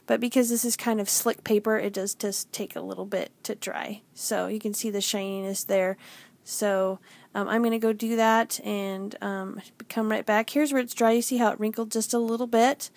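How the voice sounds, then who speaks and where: This stamping demonstrator, a woman in her forties who runs the channel, talks through her craft tutorial with plenty of ums and self-deprecating chatter. She has a mid-range, gravelly, slightly mellow voice, captured in a dry recording.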